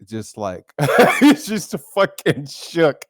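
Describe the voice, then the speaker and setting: A man's voice: fairly high pitch, big pitch swings, very slow. A man hosting a podcast, telling casual stories alone, laughing often and swearing freely. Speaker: podcast host. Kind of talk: casual storytelling monologue.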